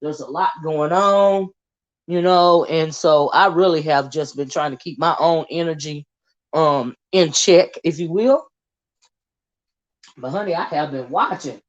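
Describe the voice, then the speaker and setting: A woman's voice: deep voice, a little slow. A woman hosting a casual livestream and greeting her viewers by name in a folksy, chatty way. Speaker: livestream host. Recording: dull lo-fi stream audio.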